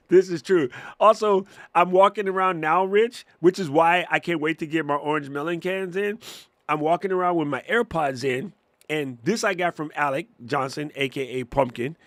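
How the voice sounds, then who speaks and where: A man in his fifties hosting a casual live-stream Q&A from his home studio, animated and laughing, swearing freely. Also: a little high, a little fast, dry recording. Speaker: host. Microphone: studio microphone.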